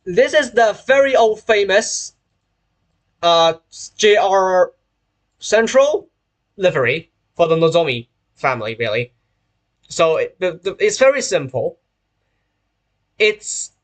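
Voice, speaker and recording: A young man from Hong Kong, a little high in pitch, talks casually while streaming. His English has a British-sounding accent, his throat is sore, and he rambles, restarting and correcting his phrases as he goes. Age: young adult. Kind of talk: casual live-stream chat while playing a train simulator.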